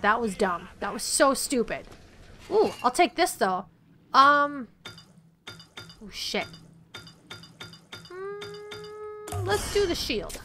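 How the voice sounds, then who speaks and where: Bright-voiced woman swearing through a game. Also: sits high, very animated, a little hiss or hum. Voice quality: swears a lot, chatty, quick to get upset. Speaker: gaming channel host. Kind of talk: casual let's-play commentary.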